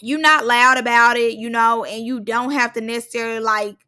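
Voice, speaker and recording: A woman's voice: a little high, fairly even intonation, normal speed, sharp tone, clean tone. A young woman giving a chatty, slangy recap of a reality show, acting out quotes as she goes. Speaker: reality TV reviewer. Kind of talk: casual recap commentary.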